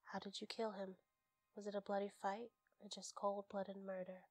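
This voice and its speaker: A man's voice: high voice, flat delivery, moderate pace, dry recording. A woman in whispered role-play, voicing a mocking male fae courtier who mutters and sneers. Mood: sneering.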